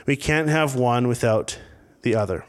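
A man's voice: mid-range voice, lively intonation, measured pace. Man preaching in a reverberant church hall. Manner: conversational preaching with frequent restarts and acted quotes. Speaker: pastor. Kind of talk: sermon.

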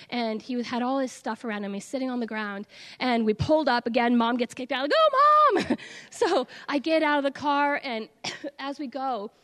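Middle-aged woman, slightly high voice, earnest church testimony, halting with fillers. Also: a little mellow. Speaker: church speaker. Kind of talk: testimony talk to a congregation.

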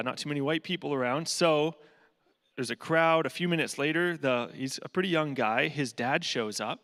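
A man's voice: medium pitch, a bit bright, in a large hall. A man giving a guest talk at a church, telling a story in a humorous, casual way. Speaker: guest speaker for a charity.

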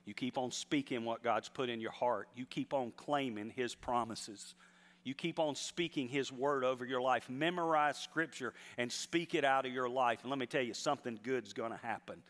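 A man's voice: mid-range voice, normal speed, a bit bright, long reverb tail. A man preaching a sermon, telling a story and urging his congregation on with rising emphasis. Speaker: pastor.

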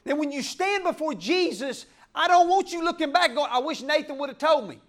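A man pastor preaching a passionate sermon in church, breaking into shouts and laughs. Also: very high-pitched, expressive, fairly quick.

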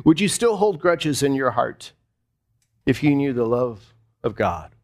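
A man's voice: mid-range voice, sing-song, unhurried. A man preaching a sermon to a congregation, conversational, repeating phrases and asking the room questions. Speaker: pastor. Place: church hall before a congregation.

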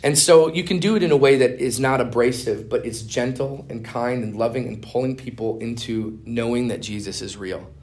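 A middle-aged man teaching a conference class on evangelism, talking fast and animated, full of "man" and "dude.". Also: mid-range voice. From Minnesota. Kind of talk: casual conference teaching with stories.

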